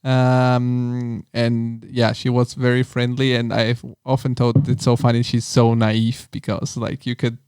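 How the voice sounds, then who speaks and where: A man's voice: mid-range voice, monotone, a little slow, hardly any pauses, darkish tone, smooth, no echo, studio quality. A man hosting a podcast, asking curious questions in a casual, stumbling way and often restarting his sentences. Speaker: podcast host.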